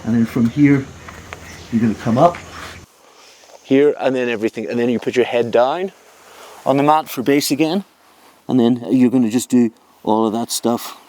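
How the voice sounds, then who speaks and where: A man's voice: mid-range voice, moderate pace, long pauses, darkish tone, a little hiss or hum. A man teaching a jiu-jitsu class, explaining moves while he demonstrates them on a partner and often repeating words as he goes. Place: training mat, indoors.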